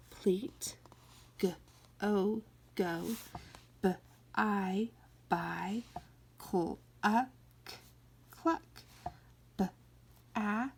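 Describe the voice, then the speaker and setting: A woman teaching phonics to young children, sounding out each word slowly and coaxing them to follow along. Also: medium pitch, gravelly, husky. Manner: slow, drawn-out sounding-out of words; coaxing, encouraging teacher talk. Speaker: kindergarten teacher.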